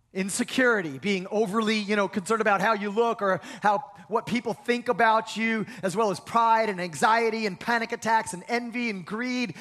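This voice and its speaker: A middle-aged man preaching a sermon as pastor, telling stories animatedly and sinking to a soft hush at times. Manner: animated storytelling with big pitch swings, dropping to a soft hush for comforting lines. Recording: long reverb of a large hall.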